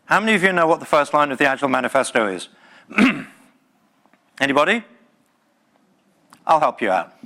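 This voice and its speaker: A man's voice: fairly high pitch, big pitch swings, fairly quick, vocal fry, long pauses, pushed and bright. A man giving a live talk at a tech conference, passionate and emphatic, with playful jokes to the room. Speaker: conference speaker.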